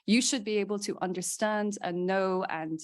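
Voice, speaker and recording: Speaking at a moderate pace with fairly even intonation, a medium-pitched woman lectures a small seminar audience in a room as a legal scholar. Her delivery is emphatic and lively, with list-like points and playful asides.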